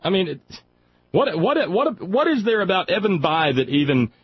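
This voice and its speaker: A man hosting a call-in radio show, chatty and quick to laugh, often restarting his sentences. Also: high-pitched, husky, dry recording. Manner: chatty and animated, laughs easily, restarts a lot. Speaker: radio talk show host. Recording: slightly dull radio audio with faint noise.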